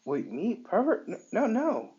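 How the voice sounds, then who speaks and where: A man voicing a clueless, flustered teenage boy hero with a high, startled voice. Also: wildly swooping pitch, measured pace, warm tone, lo-fi sound, heavily acted.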